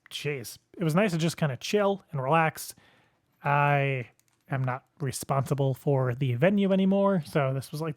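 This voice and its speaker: A man's voice: fairly high pitch, no room sound, clean studio sound. A young man hosting a podcast alone, telling a rambling story in casual chat, often chuckling at himself. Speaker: podcast host.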